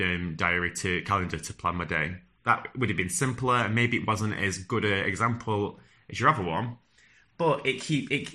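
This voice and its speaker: A man with a lowish, sharp voice and a strong northern English accent speaks to camera about phone interviews. His advice is direct and earnest, peppered with fillers and restarts.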